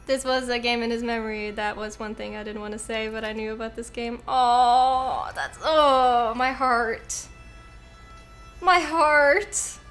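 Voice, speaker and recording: A woman's voice: a little high, level tone, moderate pace, few pauses, soft background music. A woman streaming a video game, talking emotionally and effusively to her viewers. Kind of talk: live gameplay stream commentary.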